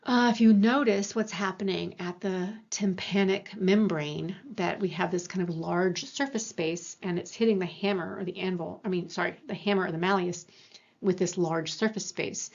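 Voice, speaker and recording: A woman's voice: fairly low pitch, steady tone, moderate pace, vocal fry, darkish tone, dull audio. A woman giving a university lecture in an explanatory way, with many fillers and self-corrections. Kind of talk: recorded lecture.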